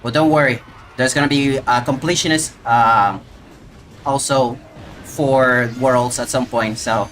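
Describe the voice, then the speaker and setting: A man streaming a video game live, reacting out loud and talking to the monster he fights. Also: mid-range voice, unhurried, soft background music. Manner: excitable, talks to the monster. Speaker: gaming streamer. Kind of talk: live gameplay commentary.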